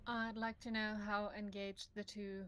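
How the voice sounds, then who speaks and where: A woman's voice: medium pitch, flat delivery, measured pace, a bit bright, slight background noise. Woman player planning her moves aloud. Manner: thoughtful, questioning, planning aloud. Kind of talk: playing a tabletop game.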